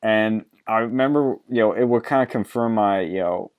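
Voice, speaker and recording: Brief: low-voiced man hosting a podcast, blunt, swears freely. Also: normal speed, clear, resonant tone, narrow, tinny audio. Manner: blunt, profane, laughs often. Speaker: podcast host. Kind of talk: casual political chat.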